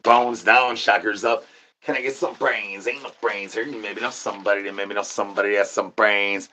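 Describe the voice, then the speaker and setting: A man's voice: on the low side, normal speed, bright, forceful tone. A man livestreaming, rambling nonsense to his chat in a sing-song patter, repeating rhyming filler syllables and catchphrases.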